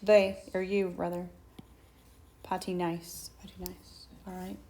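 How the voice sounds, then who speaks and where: A woman teacher, slowly and patiently walking students through a Spanish lesson and asking them questions. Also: lowish voice, little pitch movement, warm tone. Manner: slow patient explaining, asks students questions. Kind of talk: recorded whiteboard lesson. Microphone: tablet mic.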